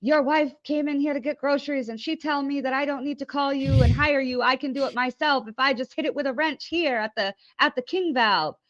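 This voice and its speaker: A pushy, argumentative grocer barks his complaint in a thick put-on Russian accent, as a woman acts him out in a story. The voice sits well above her usual pitch and comes through a dull, muffled line. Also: a little fast, few pauses, a bit bright.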